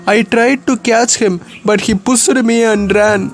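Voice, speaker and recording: Guy doing a worried little brother, higher voice, slow and pleading. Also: fairly even intonation, faint music behind. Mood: distressed. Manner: pleading, distressed. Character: anxious, apologetic younger brother, young man.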